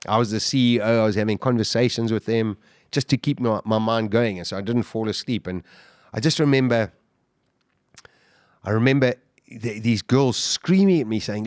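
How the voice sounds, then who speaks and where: A man's voice: lowish voice, a little fast, no echo, clean studio sound. Man vividly retelling a survival ordeal. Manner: vivid, animated retelling with restarts. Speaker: guest. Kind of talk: interview storytelling.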